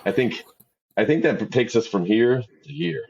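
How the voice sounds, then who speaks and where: A man's voice: mid-range voice, lively intonation, normal speed, gravelly, a little mellow. A middle-aged man from Wisconsin co-hosting a sports parenting podcast, agreeable and hesitant, with many fillers. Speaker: podcast co-host. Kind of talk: casual chat. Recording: slightly dull lo-fi sound.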